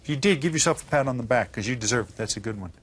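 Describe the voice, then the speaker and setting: Patient teacher guy sounding out words slow, keeps asking kids if they got it. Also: mid-range voice, lively intonation, fairly bright tone, slightly rough. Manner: encouraging, asks students questions. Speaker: Spanish teacher. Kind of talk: recorded classroom lesson.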